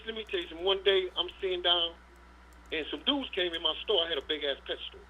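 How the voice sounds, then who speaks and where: A man's voice: high-pitched, animated, fast, pushed and bright, slight background noise. A middle-aged man, a dog breeder guest, telling long rambling stories in an interview, swearing freely and often saying "you know what I'm saying". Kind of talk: casual storytelling interview. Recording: dull lo-fi sound.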